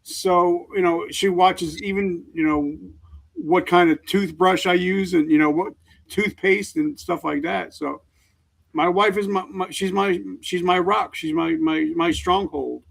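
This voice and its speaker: A middle-aged man, a veteran guest on an interview show, speaking earnestly and openly in halting sentences. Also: sits high, fairly even intonation, vocal fry, fairly bright tone. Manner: earnest, halting, emotionally open. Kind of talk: candid interview talk.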